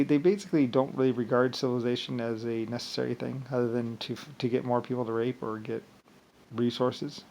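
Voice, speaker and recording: Rambling man with stop-start talk. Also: mid-range voice. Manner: meandering, repeats filler phrases, many restarts. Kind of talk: rambling monologue.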